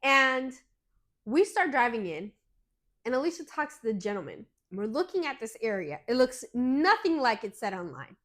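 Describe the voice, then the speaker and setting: A woman co-hosting a podcast, telling a story in casual chat with animated, dramatic retelling and some swearing. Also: fairly high pitch, normal speed. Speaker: podcast co-host.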